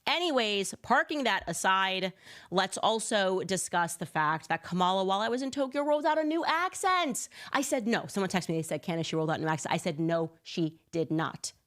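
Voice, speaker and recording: A woman's voice: mid-range voice, very animated, a little fast, fairly bright tone. A woman hosting a political commentary show, delivering sarcastic, scornful opinions.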